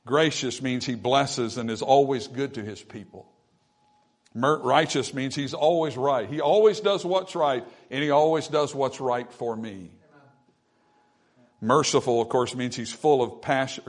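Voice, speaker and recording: Guy preaching a sermon, normal pitch, gets loud then goes real quiet, reads old-style scripture. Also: a little slow. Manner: preaching with swells of volume and soft drops. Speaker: pastor.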